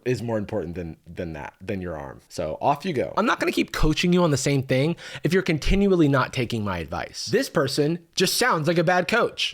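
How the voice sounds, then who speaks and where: Male host, comedic reaction commentary, sarcastic and mocking, voice that swings up and down a lot. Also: mid-range voice. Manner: sarcastic, mocking, laughs often.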